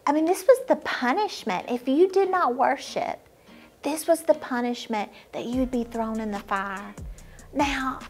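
Animated woman telling a children's Bible story. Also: a little high. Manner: animated, dropping to whispers for emphasis. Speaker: children's ministry teacher.

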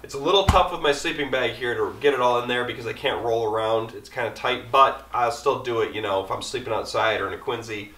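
A man's voice: medium pitch, fast, hardly any pauses, pushed and bright, reverberant, recorded from a distance, slight background noise. A man casually rambling through his camping gear in an easygoing, chatty way as an outdoor vlogger.

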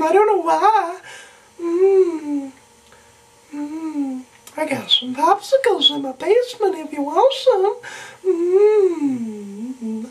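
A leering, quavering old man who hums between his slow, creepy lines. His voice is pitched very high and bobs around, heard from a distance. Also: creaky, heavily acted. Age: older. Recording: distant home mic.

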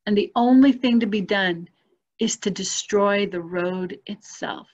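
A woman's voice: medium pitch, measured pace, darkish tone. Earnest woman on a muffled call. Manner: earnest, emotional retelling. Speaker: guest, spiritual coach. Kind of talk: casual personal storytelling.

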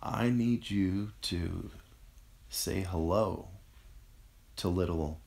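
A man voicing a dying young man who gasps for breath between words, weak and strained, slow and gravelly. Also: low-pitched, darkish tone, full character voice. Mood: gasping, tender.

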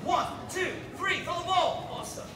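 A man performing a crowd-work street show outdoors, loudly bossing and teasing his volunteers. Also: very high voice, moderate pace, very noisy. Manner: loud, bossy and teasing with volunteers. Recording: distant echoey outdoor sound with loud crowd.

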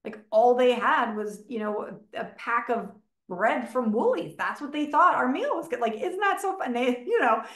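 A middle-aged woman coaching on relationships speaks in a chatty, unscripted masterclass full of fillers and quickly performed exchanges. Her slightly high voice is expressive with a fairly bright tone, and the room echoes noticeably.

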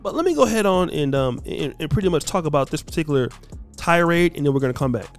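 Chatty man with a higher voice recapping gossip. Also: expressive, quick pace, soft background music. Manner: chatty, hesitant, lots of fillers. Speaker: celebrity gossip commentator. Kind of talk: casual gossip commentary.

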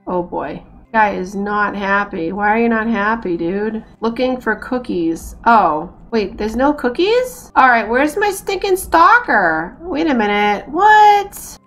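An American woman giving casual, self-mocking commentary as she plays a game, laughing often as she talks. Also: medium pitch. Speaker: gaming streamer. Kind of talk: casual let's-play commentary.

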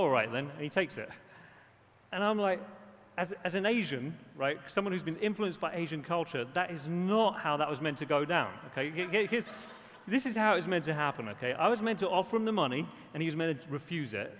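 A man's voice: a little high, a bit bright. A man from England with an English accent, preaching a storytelling sermon with quoted voices and frequent restarts. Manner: storytelling with quoted voices, repeats words when starting. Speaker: pastor. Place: church hall. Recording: long hall reverb.

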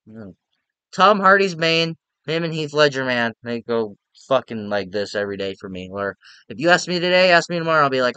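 A young man rants about his favorite films in a bright, forceful voice that leaps up in pitch when he gets worked up. He swears often, restarts his sentences and rambles excitedly. The sound is dry and close, with no room around him. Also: fairly quick, clean tone, no room sound. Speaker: movie reviewer. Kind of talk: casual ranking rant.

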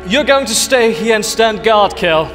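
A man's voice: high voice, lively intonation, a little slow, fairly bright tone, soft background music. A man playing a stern, commanding official. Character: stern male airfield official giving orders. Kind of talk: live stage puppet show acting.

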